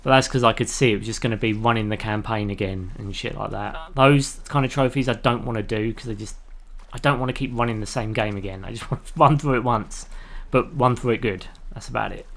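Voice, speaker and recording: A man's voice: medium pitch, brisk, few pauses, fairly bright tone. A man in the middle of a live gameplay stream, chatting with his viewers in a loose, rambling way. He laughs easily at his own jokes and drifts from one thought to the next. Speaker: live streamer playing a video game.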